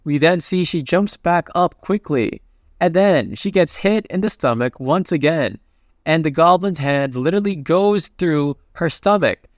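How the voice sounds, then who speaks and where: A man narrating a comic recap in a casual, jokey play-by-play with quick asides. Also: on the high side, animated, no room sound, studio quality.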